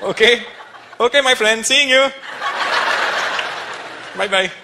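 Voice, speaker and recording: A man's voice: extremely high pitch, slow pace, noisy background, pitched above the performer's own voice, exaggerated voice. A man putting on an exaggerated, overly polite male shopkeeper voice on a live comedy stage. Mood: ingratiating. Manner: exaggerated sing-song accent. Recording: live show with loud crowd laughter.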